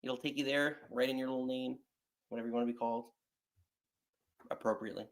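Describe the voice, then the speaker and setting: A livestream host in a relaxed, casual manner, inviting viewers to call in. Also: mid-range voice, fast. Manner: relaxed, announces call-ins.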